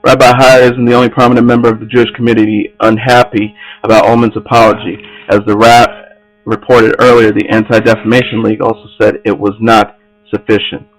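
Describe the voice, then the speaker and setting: A man's voice: lowish voice, level tone, fairly quick, faint music behind, low-quality recording. A man hosting an entertainment news podcast, reading stories aloud with frequent slips and restarts.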